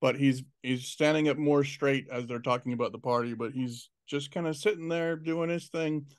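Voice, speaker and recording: A man at a tabletop game talks easily about his character's actions. His voice sits at an ordinary middle pitch, and his tone is casual and unhurried. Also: steady tone, smooth. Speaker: player.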